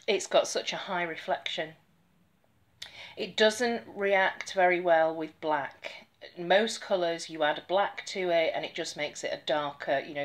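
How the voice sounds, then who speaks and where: Chatty woman, low voice. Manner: chatty, rambling, with soft whispered asides. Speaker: nail polish vlogger. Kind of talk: casual chat to camera.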